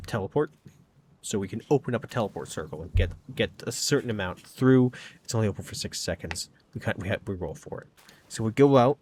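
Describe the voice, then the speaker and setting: Low-voiced man rambling through a game recap. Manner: rambling, lots of "kinda" and "like". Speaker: gaming channel host. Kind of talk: casual storytelling recap of a tabletop session.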